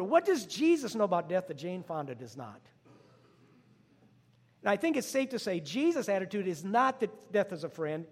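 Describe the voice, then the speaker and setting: A man delivers a sermon in a fairly high voice, swinging from loud, emphatic declarations to hushed, quiet lines. His voice rings out with a long reverb, as in a large hall. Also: big pitch swings, normal speed. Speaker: pastor.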